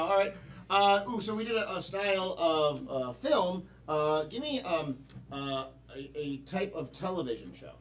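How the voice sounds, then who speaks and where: A man's voice: sits high, expressive, a little slow, noisy background. A man hosting a live improv comedy show, upbeat and chatty, taking suggestions from the audience. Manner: upbeat, prompts audience with fillers. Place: comedy theater stage. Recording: echoey stage mic from far off.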